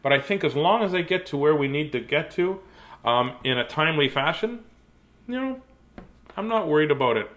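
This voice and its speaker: A middle-aged man with a slightly high voice hosts a children's storytime over a home live stream. He chats playfully, drifts off topic easily, and keeps greeting young viewers by name. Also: lively intonation, fairly quick, a bit bright. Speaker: children's book reader and show host.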